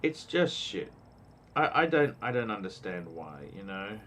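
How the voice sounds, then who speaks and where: A man from Australia hosting a casual watch-talk livestream, excitable and rambling. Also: on the low side, unhurried, slight background noise. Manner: excitable, rambling, reads out donations. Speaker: livestream host.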